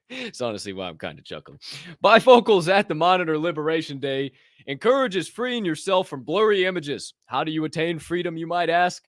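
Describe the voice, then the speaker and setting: A man's voice: a little high, sing-song, fairly quick, no echo, studio quality. A man hosting a podcast, joking and swearing casually, laughing at his own bits. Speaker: podcast host. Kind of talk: casual chat.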